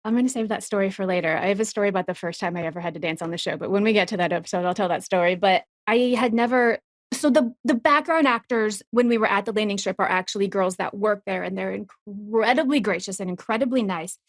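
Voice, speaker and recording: Woman, mid pitch, dry close mic, chatty podcast co-host, animated, laughs often. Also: dry recording. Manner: animated, laughing, quick asides and acted-out quotes. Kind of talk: casual chat.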